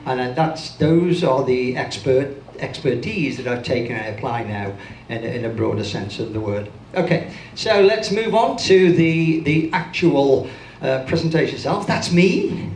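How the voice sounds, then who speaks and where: A man's voice: mid-range voice, animated, unhurried, a little mellow, slight background noise. An older man from Birmingham, England, with a Birmingham accent, giving a joking, self-deprecating keynote talk to a conference audience. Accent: Birmingham English. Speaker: motivational speaker. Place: large conference hall with audience. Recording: echoey hall sound.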